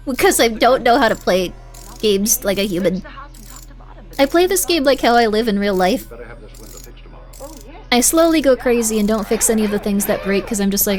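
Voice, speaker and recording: A woman's voice: fairly high pitch, expressive, normal speed, long pauses, faint music behind. A young woman streaming a game, chatting casually and sympathetically with her chat. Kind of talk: casual gameplay commentary, reading chat.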